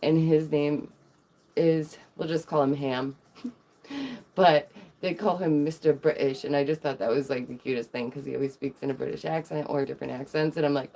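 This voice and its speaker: A woman's voice: sits low, moderate pace, warm tone. A woman streaming live, chatting casually to her viewers in a rambling way, with lots of fillers and restarts.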